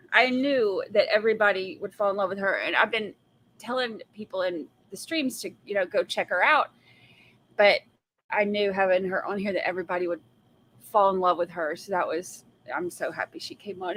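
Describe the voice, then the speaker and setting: A woman's voice: medium pitch, moderate pace, low-quality recording. A woman hosting a casual livestream, chatty and laughing often. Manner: warm, laughs a lot, chatty. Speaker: livestream host.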